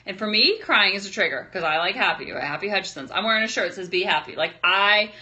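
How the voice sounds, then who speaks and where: Bright-voiced chatty mother giving parenting tips. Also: medium pitch, quick pace. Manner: chatty, animated, acts out scenes with her kids. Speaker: parenting talk host. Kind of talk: casual parenting talk to camera.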